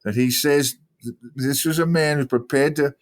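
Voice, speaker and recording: Aussie bloke telling a true crime story on a podcast, emphatic and dismissive, mid-pitched. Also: male voice, fairly even intonation, moderate pace.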